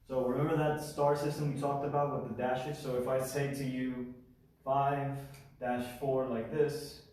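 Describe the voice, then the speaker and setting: Man teaching math, dark mellow voice, casual and self-correcting, heavy room echo from a distant mic. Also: medium pitch. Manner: thinking aloud, self-correcting, informal asides. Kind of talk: casual whiteboard explanation. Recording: echoey room, mic far off.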